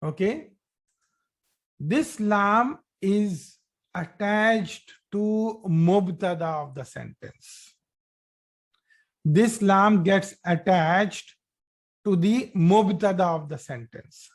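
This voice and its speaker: A man with a high voice teaches an online grammar class. He explains at an unhurried pace, repeats key points and keeps checking in with "okay?" as he goes. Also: lively intonation. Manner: slow, repetitive explaining with frequent "okay?" checks.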